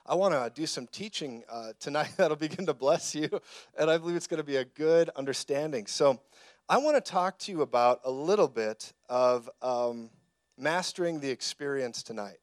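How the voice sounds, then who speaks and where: A man preaching a sermon in a conversational, storytelling way, now and then rising to shouted emphasis. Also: on the high side, moderate pace, no room sound, studio quality.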